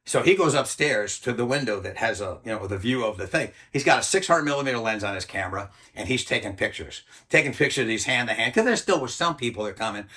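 Older guy swearing his way through a story, bright pushy voice, does the other people's voices. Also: medium pitch, lively intonation, fast, hardly any pauses. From United States. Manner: blunt and profane, acts out quoted voices. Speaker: interview guest, former Army Ranger. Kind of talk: casual storytelling.

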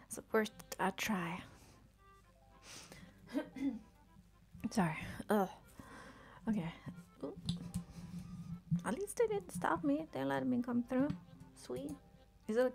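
A young woman with a gravelly, vocal-fry edge to her mid-pitched voice, casually narrating her gameplay for a live stream audience. She rambles, laughs and mutters to herself as she goes. Soft game music plays faintly underneath. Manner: chatty, easily distracted, laughs often, talks to herself. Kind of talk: casual live-stream commentary while playing.

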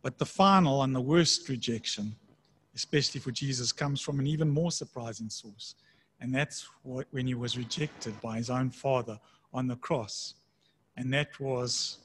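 A man preaching a sermon in a conversational way, slowing down to read scripture aloud. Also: mid-range voice, breathy edge. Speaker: pastor.

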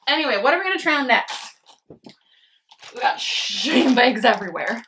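A bubbly young woman talks straight to her camera while trying on clothes, her voice sitting a little high. She keeps things loose and chatty, laughing easily and calling her viewers loves. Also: animated, normal speed, pushed and bright, slight background noise. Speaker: fashion vlogger. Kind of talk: casual try-on haul chat.

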